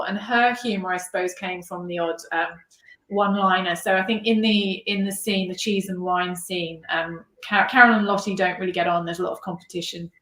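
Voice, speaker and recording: A woman's voice: on the low side, a bit bright. A woman author chats through an interview with a modest, self-deprecating manner. She stumbles and restarts as she thinks aloud. Her voice carries a noticeable room echo. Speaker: author guest. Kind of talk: casual interview chat. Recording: roomy echo.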